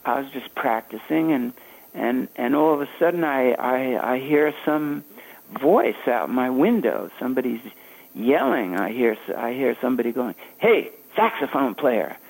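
An older man, a jazz saxophonist, telling stories in a halting, anecdotal way during an interview. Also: mid-range voice, lively intonation, gravelly, darkish tone, slight background noise, poor audio. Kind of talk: reminiscing interview storytelling.

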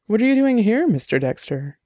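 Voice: mid-range voice, sing-song, a little fast, dark tone, no room sound, studio quality, pitched above the performer's own voice, lightly acted. A reader voicing an anxious middle-aged office worker whose voice shakes with nerves. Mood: nervous. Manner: anxious, shaky. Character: nervous, sweating middle-aged office man.

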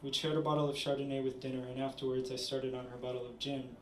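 A man reading his own short story aloud at a literary event, measured with small stumbles. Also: medium pitch, level tone, a little hiss or hum. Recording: roomy, distant audience recording.

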